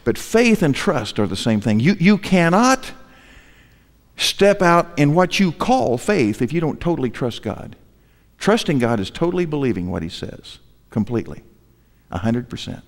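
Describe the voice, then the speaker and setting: With a voice on the high side and big pitch swings, an older pastor speaks at normal speed while a long reverb tail trails through the large church hall. His sermon weaves a story with self-mocking humor and rhetorical questions for the congregation.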